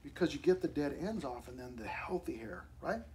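A male pastor, preaching a sermon in a conversational, animated way with asides to the congregation. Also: mid-range voice, fairly quick.

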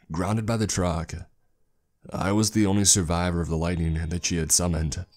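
A man reading a horror story aloud in a slow, grave scripted narration. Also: deep voice, a little mellow. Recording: narration with faint music.

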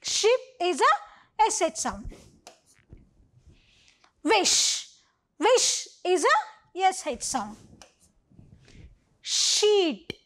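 A woman's voice: extremely high pitch, sing-song, extremely slow, pauses often, fairly bright tone. A woman with an Indian English accent teaching an online phonics lesson to young children, spelling words out letter by letter. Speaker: primary school teacher.

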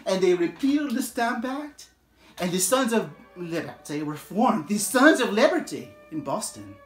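Woman doing a quirky animated history professor. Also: medium pitch, echoey room, soft background music, close to an everyday voice. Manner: animated storytelling, halting with filler and broken grammar.

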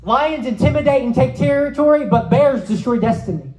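A man preaching a sermon, telling a vivid dream story with animated delivery and then leading a prayer. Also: very high-pitched, fairly quick, few pauses, echoey room, faint music behind, low-quality recording. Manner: animated storytelling, acting out scenes, rising to shouts. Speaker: pastor.

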